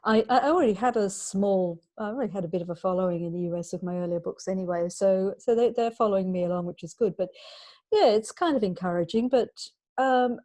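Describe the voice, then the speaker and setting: A woman's voice: medium pitch, brisk, mellow. An Australian woman author in a casual video-call chat, talking thoughtfully and often restarting her words. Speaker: author guest.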